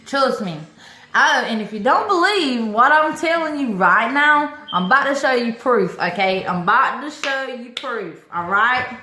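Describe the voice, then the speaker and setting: Chatty, excitable woman. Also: sits high, reverberant, a little hiss or hum. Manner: excited, chatty, lots of "y'all" and "oh my God". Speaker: orchid-growing vlogger. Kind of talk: casual chat to camera.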